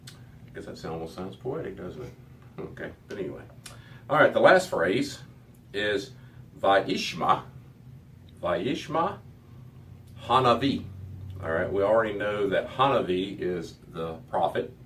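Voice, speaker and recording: A man's voice: low-pitched, animated, normal speed, fairly bright tone, distant mic, slight background noise. A man teaching a Hebrew reading lesson to a class, explaining patiently with many fillers.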